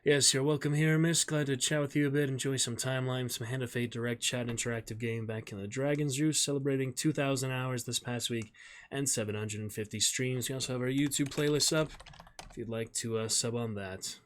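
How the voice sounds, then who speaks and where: A man's voice: medium pitch, steady tone, a little fast, a little hiss or hum. Friendly male streamer reading aloud. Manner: friendly, chatty with viewers between reading passages. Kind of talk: live-stream chat and book reading.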